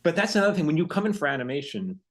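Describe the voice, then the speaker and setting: A man hosting a podcast, interviewing a guest in casual talk with quick replies and follow-up questions. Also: a little high, big pitch swings. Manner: conversational, quick back-channel replies. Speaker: podcast host and screenwriter.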